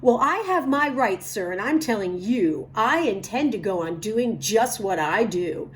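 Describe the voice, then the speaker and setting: A woman's voice: animated, a little slow, a little hiss or hum, natural voice. A woman reading aloud, voicing a greedy, stubborn male factory owner who blusters defiantly. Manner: blustering, defiant, lowered pitch.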